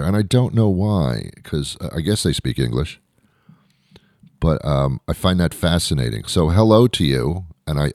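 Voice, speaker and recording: Male podcast host, middle-aged, extremely deep voice, meandering self-deprecating patter, dry booth sound. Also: darkish tone, no echo. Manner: meandering, self-deprecating, lots of fillers and restarts. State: out of breath. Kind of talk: rambling comedic monologue.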